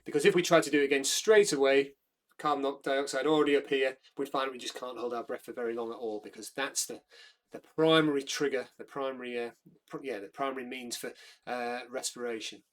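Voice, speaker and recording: A man guides a group through a breathing exercise, giving steady step-by-step instructions and counting them down. He talks at a middling pitch and often pauses to correct himself. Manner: calm step-by-step instruction with fillers and self-corrections.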